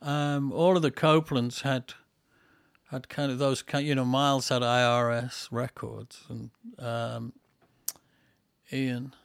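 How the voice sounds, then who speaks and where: A man's voice: medium pitch, flat delivery, slow, gravelly, no echo. Wry man, dry sound. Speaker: podcast host. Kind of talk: reading a tour diary aloud, then casual chat.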